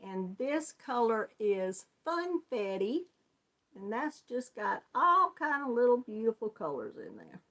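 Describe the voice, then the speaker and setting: A woman's voice: a little high, very animated, a little slow, fairly bright tone. A woman with a Southern US accent hosting a casual live crochet chat, greeting viewers by name and laughing often. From Georgia, US. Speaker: crochet channel host.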